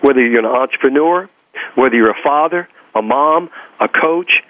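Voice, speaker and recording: A man's voice: medium pitch, normal speed, no echo. A man with a Texas accent, a guest giving earnest motivational talk, repeating phrases for emphasis. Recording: phone-like narrow sound.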